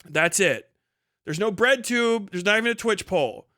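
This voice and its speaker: A man streamer ranting on a livestream, profane and sarcastic, with fast bursts and sudden drawn-out words. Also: sits high, expressive, bright, forceful tone, no room sound, studio quality. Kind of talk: livestream rant.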